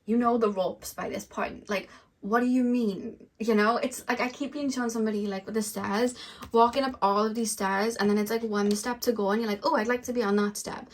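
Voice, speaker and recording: A woman's voice: fairly high pitch, a little fast. A woman giving a casual, rambling tarot card reading to her viewers. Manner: rambling and animated, filler-heavy. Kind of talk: casual spiritual reading to camera.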